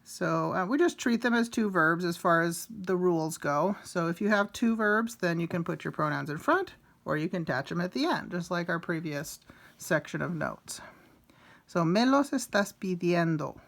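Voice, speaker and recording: A woman's voice: lowish voice, lively intonation, normal speed, vocal fry. A woman Spanish teacher working through grammar notes in a recorded lesson, explaining step by step and repeating each example.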